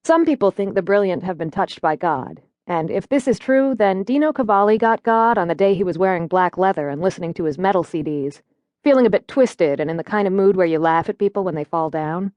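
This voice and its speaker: A woman's voice: lowish voice, animated, fairly quick, a little mellow, dry recording. A woman narrating a first-person audiobook in a wry, conversational storytelling manner, recorded in a studio.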